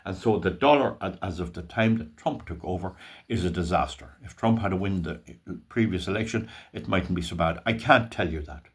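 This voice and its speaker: A man's voice: low voice, moderate pace. An older Irish man hosting his own channel, talking in a folksy, rambling monologue with restarts and asides. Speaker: channel host. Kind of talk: casual monologue.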